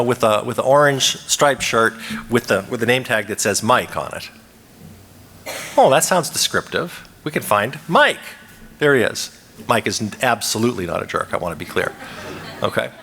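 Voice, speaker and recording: Animated male lecturer in a reverberant hall. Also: medium pitch. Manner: animated, asks the audience questions, acts out quoted lines. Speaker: conference speaker. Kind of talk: lively lecture to a live audience. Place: conference hall. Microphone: microphone.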